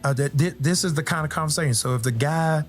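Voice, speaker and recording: A man who is a pastor, talking on a podcast in a relaxed, jokey way, often chuckling. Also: fairly high pitch, fast, soft background music. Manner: laid-back, jokey, chuckling storyteller. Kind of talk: podcast interview.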